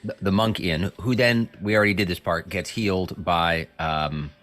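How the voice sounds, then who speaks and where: A man narrating a tabletop game as game master, halting with many fillers and pauses. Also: low-pitched, steady tone, fairly bright tone.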